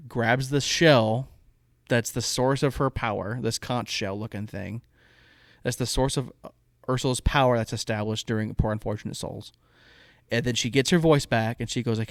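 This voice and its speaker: Relaxed and conversational, a male podcast co-host with an ordinary-pitched voice talks at a normal pace. His story comes with animated quoted asides. There's no echo; the audio is dry and close-miked.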